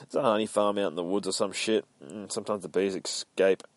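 A man's voice: lowish voice, fairly even intonation, brisk, no echo, lightly acted. A man voicing a blunt young woman who teases in a mocking way. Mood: teasing. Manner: blunt, teasing.

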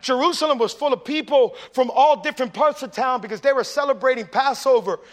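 A man preaching a sermon as pastor, telling stories conversationally with asides to the congregation and building to loud emphasis. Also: very high voice, fairly quick. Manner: conversational storytelling with audience asides.

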